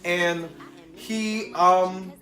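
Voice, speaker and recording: A young man telling a casual storytime vlog, animated and full of fillers, acting out the people in his story. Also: high voice, extremely slow. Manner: animated, quotes people in changed voices, many fillers. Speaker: vlogger. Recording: echoey room with faint music.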